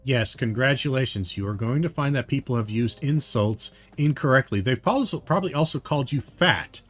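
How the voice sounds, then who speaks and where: A man's voice: mid-range voice, expressive, a little fast. A man giving casual, heated commentary on a video, rambling with many fillers and restarts.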